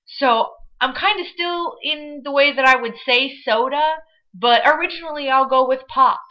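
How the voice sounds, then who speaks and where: A woman's voice: sits high, normal speed. Chatty Midwestern American woman on a vlog. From Michigan, USA. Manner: chatty and bubbly, with frequent fillers. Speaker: vlogger. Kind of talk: casual vlog chat. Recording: dull lo-fi webcam audio.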